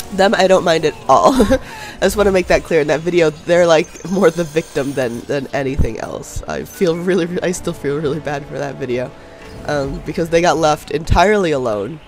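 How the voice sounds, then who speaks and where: Stuffy-nosed young man commentating gameplay. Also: on the high side. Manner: chatty, self-deprecating, laughs often. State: stuffy nose from a cold. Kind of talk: casual voice-over game commentary. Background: faint background music.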